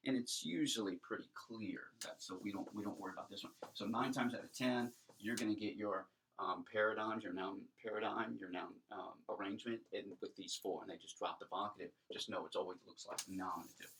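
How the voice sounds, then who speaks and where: A man's voice: on the low side, fairly even intonation, a little fast, few pauses, fairly bright tone, slight background noise. A middle-aged man giving an informal lecture on Greek grammar, talking in a chatty way with many ums and restarted sentences.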